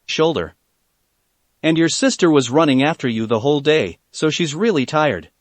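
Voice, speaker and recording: A devoted young father and lover speaking tenderly and affectionately, voiced by a man reading aloud. The voice sits fairly high for a man and moves expressively, with a dry, close sound. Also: expressive, moderate pace, no echo, natural voice.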